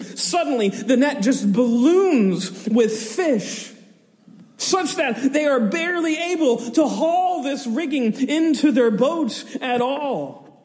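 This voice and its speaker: High-voiced man preaching in an echoing hall. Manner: animated storytelling, chuckling asides, vivid retelling. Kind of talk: expository sermon on scripture.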